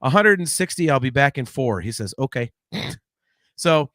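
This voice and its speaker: Man in his forties, podcast co-host, bright forceful voice, animated storyteller, laughs a lot, dry close mic. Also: medium pitch, normal speed, dry recording. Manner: animated storyteller, laughs often, reads chat comments. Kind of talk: casual chat, telling family stories.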